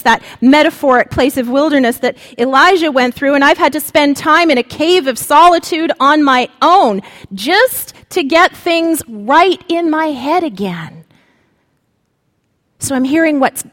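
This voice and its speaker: A woman preacher giving a sermon, speaking slowly and dramatically with long pauses. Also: high voice, a bit bright, in a large hall.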